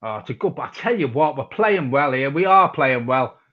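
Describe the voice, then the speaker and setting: Sweary English football fan host. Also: male voice, medium pitch, expressive, brisk, lo-fi sound. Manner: casual, swears freely, reads chat messages aloud. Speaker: fan channel host reading viewer comments. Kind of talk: live match watch-along chat.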